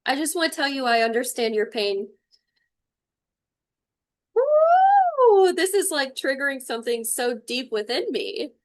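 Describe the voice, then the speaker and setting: A young adult woman with a voice pitched a little above most women's, giving a spiritual tarot reading to her livestream viewers. She speaks frankly and with strong feeling, and drops swear words casually. She is picked up by a simple streaming microphone. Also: lively intonation, a little fast, hardly any pauses. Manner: emotional, blunt, swears freely. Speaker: intuitive tarot reader.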